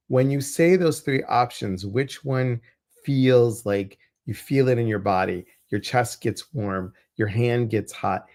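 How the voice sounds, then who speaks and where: A man's voice: medium pitch, darkish tone. Chatty man reading cards on a livestream. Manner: chatty, reads viewer questions, jokes. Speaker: co-host reading oracle cards. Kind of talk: casual livestream chat.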